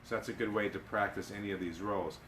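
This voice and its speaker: A man teaching darbuka rolls in a live lesson, explaining in a relaxed, halting way with fillers and chanting drum syllables. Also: fairly low pitch, heavy background noise. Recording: echoey room with loud drumming. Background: darbuka drumming.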